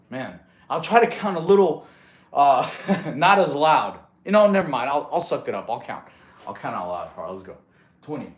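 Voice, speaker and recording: A man chatting casually on a fitness livestream in a laid-back, slangy way, getting out of breath as he counts push-ups. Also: mid-range voice. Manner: laid-back slangy talk, calls viewers bro. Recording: echoey room.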